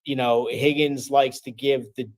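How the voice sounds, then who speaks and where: A man's voice: mid-range voice, flat delivery, a little slow, dry recording. Sarcastic emphatic man, dry sound. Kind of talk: casual podcast discussion.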